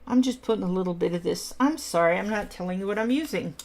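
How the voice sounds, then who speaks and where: A woman's voice: medium pitch, animated, fast talker, a little mellow. A middle-aged woman, hosting a casual coloring livestream and chatting with viewers as she works. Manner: chatty, reads and answers viewer comments while coloring. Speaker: livestream host.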